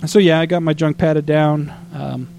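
A man from Arizona telling a travel story in casual podcast chat, exasperated and animated, acting out what people said. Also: fairly high pitch, normal speed, gravelly.

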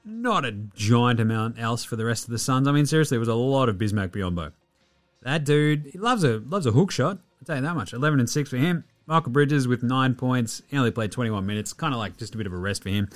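A man's voice: medium pitch, lively intonation, fairly quick, faint music behind. An Australian man hosting a casual sports podcast, joking and swearing as he rattles off stats. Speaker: podcast host.

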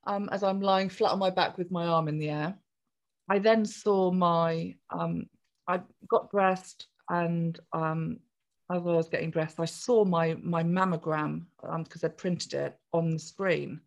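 A woman's voice: lowish voice, fairly even intonation, measured pace, creaky. Chatty woman telling her story. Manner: chatty, jolly, acts out voices in quoted speech. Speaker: podcast guest. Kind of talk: personal storytelling in conversation.

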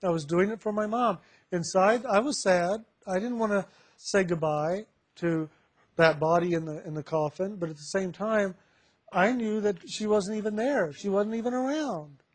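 Halting, chuckling man sharing testimony. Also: sits high. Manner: halting, many fillers and restarts; laughs often while telling. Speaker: member sharing with a spiritual group. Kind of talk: personal spiritual testimony.

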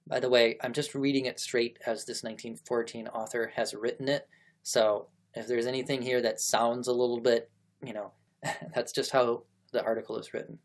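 A man's voice: mid-range voice, little pitch movement, normal speed. A man reading a historical article aloud, breaking off with chatty asides to explain terms. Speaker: reader and host.

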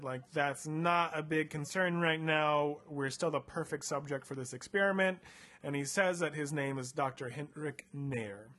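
A man's voice: on the high side, a bit bright. A man co-hosting a casual podcast, retelling a book in a rambling, self-deprecating way with lots of fillers. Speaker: podcast co-host.

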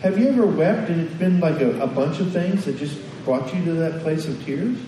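A man preaches, putting questions to the congregation in a conversational, pastoral manner, his voice fairly high and mellow. He sounds animated at a moderate pace, recorded from far back in a roomy, echoing hall with slight background noise.

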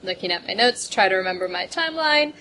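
A woman's voice: mid-range voice, animated, quick pace, pushed and bright. A woman running a tabletop game as game master, narrating and checking her notes with some hesitation.

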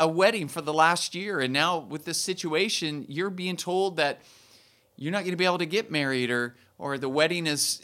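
A man preaching a sermon in a bright, forceful voice that sits a little high. He talks to his congregation conversationally, repeating and restarting phrases, then rises to emphatic peaks. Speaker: pastor.

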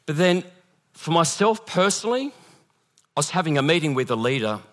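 A middle-aged man preaching a sermon in a lively storytelling manner, acting out the voices he quotes. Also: on the high side, a little fast. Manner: animated, acts out quoted voices. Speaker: pastor.

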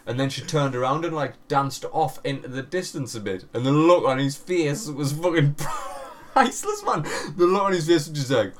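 Here a thirtysomething podcast co-host swears heavily and laughs often while animatedly telling stories in relaxed conversation. His pitch is fairly high, his pace moderate with few pauses, and there's a little hiss or hum on the recording.

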